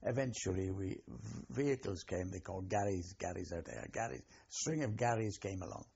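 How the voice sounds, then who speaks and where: An older man with a Welsh accent, a war veteran recalling his past in an oral history interview, telling it in a rambling, halting way with many restarts. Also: sits low, expressive, creaky, darkish tone, husky, lo-fi sound.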